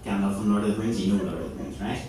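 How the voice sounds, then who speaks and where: A man's voice: lowish voice, rapid-fire. A man doing a rambling stand-up set, often laughing at his own jokes, recorded from far off in an echoey, noisy venue. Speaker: stand-up comedian. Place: indoor comedy venue. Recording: echoey room, far camera mic, loud noise.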